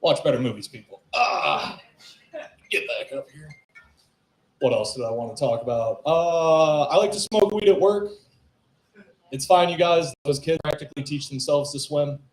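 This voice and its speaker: A man's voice: fairly high pitch, normal speed, a little mellow. A man doing a loose, improvised stand-up set, chatting with the crowd at an open mic. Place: small comedy club stage. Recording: echoey club room.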